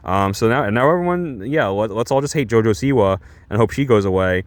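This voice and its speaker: A man's voice: fairly low pitch, expressive, brisk, no echo. A man ranting sarcastically in a reaction commentary, exasperated and full of restarts. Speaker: commentary YouTuber.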